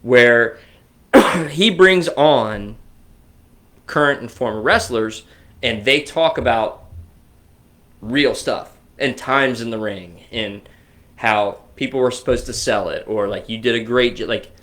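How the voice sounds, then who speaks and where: A man in his forties co-hosting a casual podcast, telling rambling, animated stories. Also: medium pitch, slow. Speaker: co-host. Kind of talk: casual chat.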